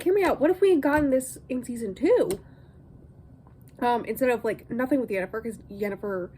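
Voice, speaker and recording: This young reading vlogger has a slightly high voice, and the poor audio carries a little hiss or hum. Talking casually to the camera about what she watched and read this week, she rambles animatedly, jumping between topics with plenty of ums and laughs.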